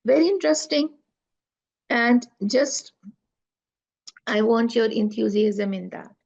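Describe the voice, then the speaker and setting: Slow, gravelly woman teaching an online class. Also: a little high, a little mellow. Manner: slow, patient explaining with rhetorical questions. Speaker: tajweed teacher. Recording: dull lo-fi online class audio.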